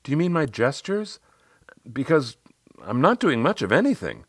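A man's voice: mid-range voice, big pitch swings, moderate pace, slightly rough, no room sound, clean studio sound, voice pushed up. A man voicing a young professional woman client, upbeat and a little perky, in a coaching story on a podcast. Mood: curious. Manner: lilting, slightly perky.

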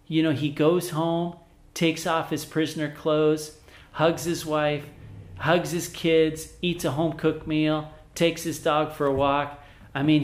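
Male preacher, fairly high voice, earnest and emphatic, reverberant room. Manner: earnest, emphatic storytelling with rhetorical questions. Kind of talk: sermon.

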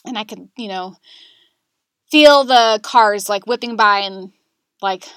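A woman guest in a podcast interview, candidly recounting a painful personal story in a halting, emotional way. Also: mid-range voice, a bit bright, smooth, no echo.

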